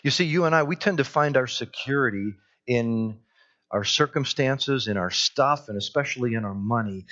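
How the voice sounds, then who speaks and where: A man's voice: mid-range voice, normal speed, a bit bright, dull audio. A man preaching a sermon, earnest, who repeats his key phrases and rises into urgent pleas. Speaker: pastor.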